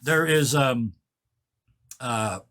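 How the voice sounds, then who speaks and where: A man narrating as game master of a tabletop game, descriptive and halting with fillers. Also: mid-range voice, a bit bright.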